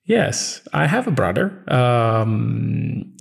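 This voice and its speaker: A man in his thirties with an Italian accent, chatting casually as a podcast co-host, halting with many ums and restarts. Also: medium pitch, huge pitch swings, creaky, husky. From Italy. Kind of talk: casual chat.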